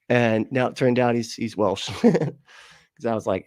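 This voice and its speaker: A man's voice: medium pitch, takes it slowly, pauses often, a little mellow, dry recording, studio quality. A man hosting a livestream and reading out his chat, rambling and laughing often as he swears casually.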